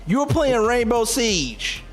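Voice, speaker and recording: A man co-hosting a casual gaming talk show, animated and laughing often as he acts out game lines. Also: very high voice, slow, faint music behind. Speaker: streaming show co-host.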